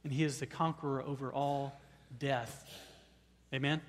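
A man's voice: level tone, unhurried, pauses often. Man preaching in an echoing hall. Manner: preaching with surges to loud, high-pitched proclamation; repeats words when starting phrases. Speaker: pastor. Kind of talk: sermon.

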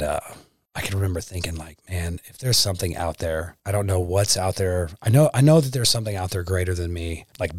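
A young man telling his own story as a personal testimony, candid and halting, filling his speech with "like" and turning quiet and earnest. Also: sits low, no echo, studio quality.

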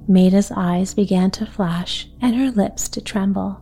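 A woman reading a classic children's novel aloud as a calm bedtime story. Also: mid-range voice, measured pace, hardly any pauses, faint music behind.

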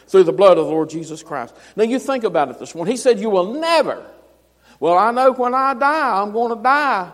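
A man's voice: high voice, long reverb tail. A man preaching a sermon, folksy and storytelling, rising to emphatic declarations.

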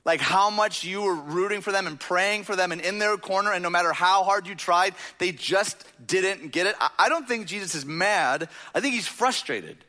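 A man delivers a sermon in a loose, conversational way, throwing rhetorical questions at his listeners. His voice is bright and a little high. It rings with the long reverb of a large hall. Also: normal speed, hardly any pauses. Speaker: pastor.

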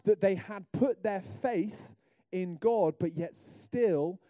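A middle-aged British man preaching a sermon, telling humorous stories in a lively way. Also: high voice, slow pace, dry recording, clean studio sound. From Britain. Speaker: pastor.

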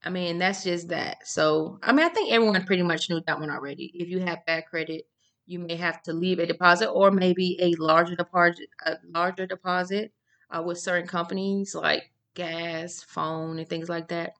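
A woman's voice: lowish voice, moderate pace, fairly bright tone. Chatty woman hosting a podcast. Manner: chatty, repeats phrases, informal grammar. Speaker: podcast host. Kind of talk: casual solo podcast talk.

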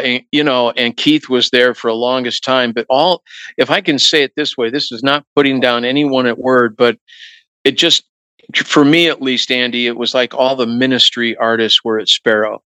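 Man, middle-aged, bright tone, dry close sound, storytelling interview guest. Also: mid-range voice, moderate pace, clear, resonant tone, no echo, poor audio. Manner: relaxed anecdotal, acts out quoted voices. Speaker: guest musician.

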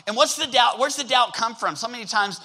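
A man's voice: extremely high pitch, fairly quick, sharp tone, poor audio. A male pastor preaching a sermon with energy, drawing the congregation in with call-and-response prompts.

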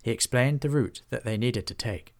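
A man narrating a children's fantasy storybook in a steady, even manner. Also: mid-range voice, normal speed.

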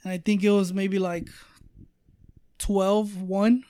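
A man's voice: high-pitched, little pitch movement, moderate pace, warm tone, clean tone, dry recording. A man telling a travel story in casual podcast chat, rambling with lots of fillers and swearing. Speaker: storyteller guest.

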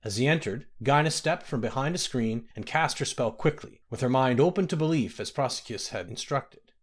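A man's voice: medium pitch, expressive, moderate pace. A man narrating a fantasy story aloud, reading expressively.

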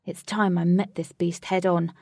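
A woman's voice: on the low side, flat delivery, normal speed, darkish tone, no room sound, studio quality. A woman playing a young male warrior who gives orders and boasts about his fighting. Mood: boastful. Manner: commanding, boastful declarations.

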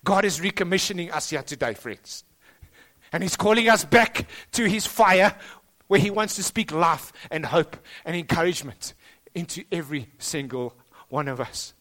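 A man's voice: a little high, animated, moderate pace, fairly bright tone. A South African man preaching a sermon to his church in a school hall, emphatic and repetitive. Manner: emphatic, rising and dropping for stress, repeats phrases. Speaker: pastor.

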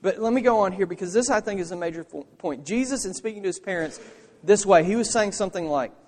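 A male pastor preaching a sermon, swinging between emphatic lines and hushed asides. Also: sits high, fast talker, in a large hall.

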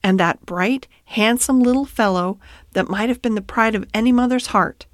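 A woman voicing an earnest male head groom who is devoted to his horse, speaking slowly and heavily, then with indignation, in a bedtime storybook reading. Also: a little high, no echo, clean studio sound, natural voice. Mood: indignant. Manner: slow and heavy, rising to indignant outrage. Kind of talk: storybook read-aloud.

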